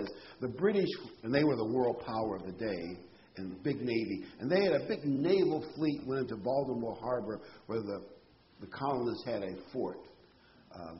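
A man's voice: medium pitch, a little hiss or hum. Man, pastor, sermon, rhetorical questions, echoey hall, muffled sound. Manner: emphatic, rhetorical questions to the congregation. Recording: roomy, dull hall sound.

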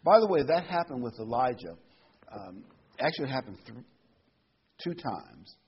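A man with a husky voice delivers a sermon, leaning hard on key scripture words. The recording sounds dull and lo-fi. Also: mid-range voice, very animated, normal speed. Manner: emphatic, reads and stresses scripture words. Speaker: preacher.

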